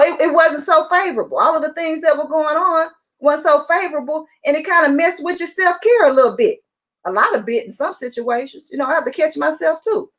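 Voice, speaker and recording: Excited, upbeat woman pitching motivation. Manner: excited, upbeat, repetitive urging. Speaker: motivational speaker. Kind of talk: promotional pitch on a call. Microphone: call audio.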